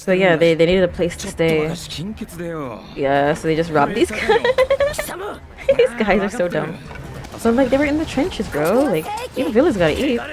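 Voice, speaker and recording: Excitable young woman reacting with lively swings. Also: on the low side, normal speed, crowd noise. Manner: excitable, filler-heavy, gasping and exclaiming. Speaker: anime reaction host. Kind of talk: casual reaction commentary. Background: anime episode soundtrack playing.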